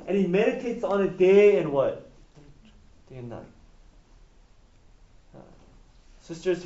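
High-voiced preacher in an echoey room. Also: male voice. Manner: call-and-response, animated, asks the room to finish verses. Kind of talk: sermon. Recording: echoey room, dull lo-fi sound.

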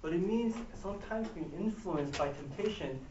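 A man giving a casual Bible teaching to a small group, retelling the story with animated, acted-out quotes and swings in loudness. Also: high-pitched, moderate pace, a little hiss or hum. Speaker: pastor. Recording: dull lo-fi room recording.

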